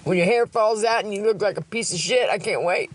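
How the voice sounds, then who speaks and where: A woman speaks into her phone during a livestream rant, angry and heavily profane, circling the same complaints again and again. Her voice sits at a middling pitch, and faint hiss runs under the recording. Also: fairly quick. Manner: profane, heated and repetitive.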